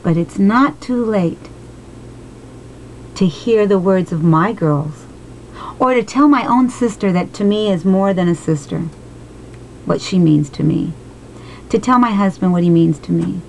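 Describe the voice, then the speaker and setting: A woman in her late forties speaks to her viewers in a personal vlog. Her talk is slow, heartfelt and encouraging, and sometimes emotional. A faint hiss of background noise sits under her voice. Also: medium pitch, vocal fry, darkish tone, poor audio. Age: 40s. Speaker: vlogger.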